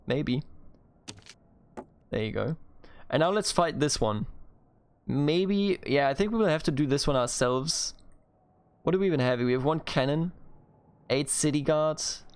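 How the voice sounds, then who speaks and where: A man from Bavaria with a German accent, chatting and thinking aloud as he plays a strategy game. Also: on the high side. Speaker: gaming YouTuber. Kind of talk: let's play commentary.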